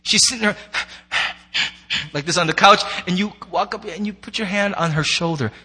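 A man's voice: sits high, normal speed, pushed and bright. A man preaching a sermon to a congregation, conversational and playful, slipping into acted asides. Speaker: pastor. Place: church sanctuary before a congregation.

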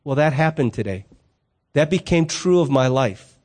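A middle-aged pastor preaches in a relaxed, conversational manner at a moderate pace, his voice high and light for a man. As he teaches, he drifts into stories and playful asides.

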